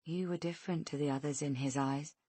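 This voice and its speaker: A woman voicing a bitter female kidnapper who speaks low, slow and softly threatening. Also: dry recording.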